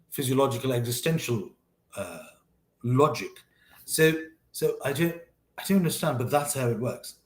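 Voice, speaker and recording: A man muses aloud in a relaxed, conversational way, circling back and rephrasing as he goes. His voice sits in an ordinary middle register. The recording carries a noticeable roomy echo. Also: medium pitch. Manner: thoughtful, conversational, often restarts and self-corrects. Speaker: host sharing life lessons. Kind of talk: casual reflective monologue.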